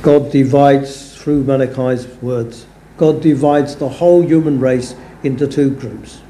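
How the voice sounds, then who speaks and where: A man's voice: mid-range voice, steady tone, unhurried, warm tone, a little hiss or hum. A man preaching a sermon in a chapel, speaking earnestly and giving weight to the scripture he quotes. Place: church or chapel. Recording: echoey church room.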